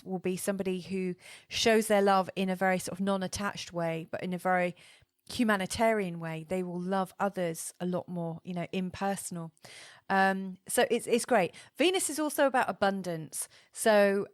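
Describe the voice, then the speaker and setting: A woman's voice: mid-range voice, dry recording. A woman presents a recorded astrology lesson in a mid-range voice. She explains at an easy pace, full of ums and restarted words. The sound is close and dry, with no room around it. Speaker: astrology teacher.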